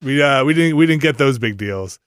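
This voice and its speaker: A middle-aged man hosting a podcast, rambling and animated with lots of fillers and restarts. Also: mid-range voice, brisk, smooth, no room sound, clean studio sound. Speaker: podcast host. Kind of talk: casual chat.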